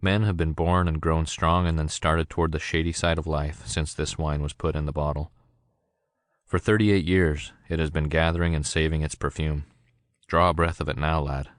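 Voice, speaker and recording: A hot-tempered old ship engineer with a thick Scottish accent blusters and roars, as a male audiobook narrator puts him on. His voice sits extremely low. The sound is dry and close. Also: steady tone, moderate pace, dry recording. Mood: reverent. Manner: roaring, blustering.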